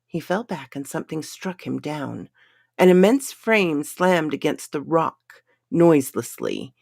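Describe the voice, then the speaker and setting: Woman storyteller, slow and dramatic, widely varied pitch, close dry recording. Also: very animated, creaky, a little mellow, no echo. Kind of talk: pulp sci-fi story reading.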